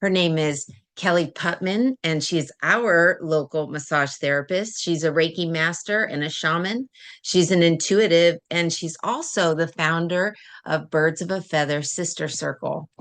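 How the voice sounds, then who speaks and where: A woman with a notably low voice hosts a live panel and introduces each speaker. She is gracious but rambling, and she pauses often on fillers. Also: fairly bright tone. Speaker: host and minister introducing speakers.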